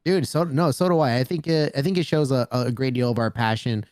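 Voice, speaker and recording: A man's voice: mid-range voice, a little fast, no room sound, clean studio sound. A man co-hosting a casual podcast, telling stories with lots of swearing and "bro". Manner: animated storyteller, swears freely, says "bro" a lot. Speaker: podcast co-host. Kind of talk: casual chat.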